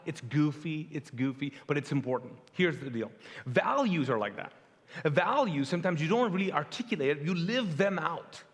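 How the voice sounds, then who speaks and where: A man's voice: a little high, long reverb tail. A middle-aged male pastor from Pakistan preaching a conversational sermon, telling stories with humor and acting out what people said. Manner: animated storyteller, acts out quotes, self-deprecating humor. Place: large church hall.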